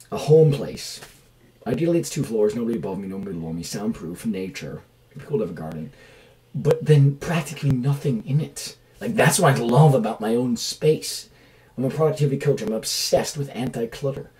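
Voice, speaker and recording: A man's voice: medium pitch, expressive, normal speed, a little mellow, low-quality recording. A man talking in a rambling, enthusiastic vlog monologue from a small rented room, now and then dropping to a mutter. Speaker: vlogger.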